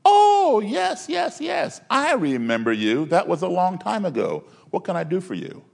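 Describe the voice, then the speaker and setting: A man voicing an older male extremist leader who lectures in a stiffly polite, formal way, raising his voice higher than his own. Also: sing-song, a little fast, gravelly, a little mellow, husky, exaggerated voice. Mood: startled politeness.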